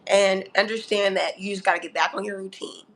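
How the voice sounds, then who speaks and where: An astrology reader gives a casual spoken reading in a steady, somewhat bright, medium-pitched voice at a brisk pace. She coaches the listener, keeps checking in with "okay?", and calls them honey and darling.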